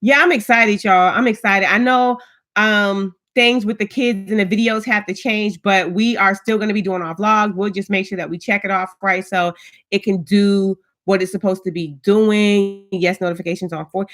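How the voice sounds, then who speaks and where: Woman in her 30s, vlogger on a live chat stream, easygoing and talkative, shouts out viewers by name. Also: medium pitch, steady tone, moderate pace. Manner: chatty, greets viewers by name, frequent restarts. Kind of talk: casual livestream chat.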